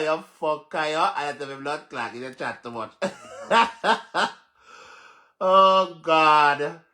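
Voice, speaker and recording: A man with a Jamaican accent ranting on a live stream, mocking and cursing with loud laughs. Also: sits high, creaky. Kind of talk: casual live-stream rant.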